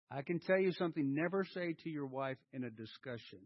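A male pastor preaching in a high voice, acting out his own inner dialogue. His pitch swings widely from one phrase to the next. The recording sounds dull and lo-fi. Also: lively intonation, brisk, hardly any pauses. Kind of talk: sermon.

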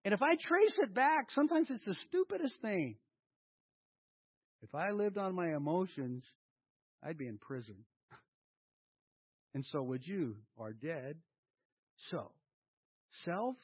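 Animated, high-voiced male preacher. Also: a little slow, long pauses, breathy edge, dull audio. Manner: animated preaching, acting out inner dialogue. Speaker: pastor. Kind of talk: sermon.

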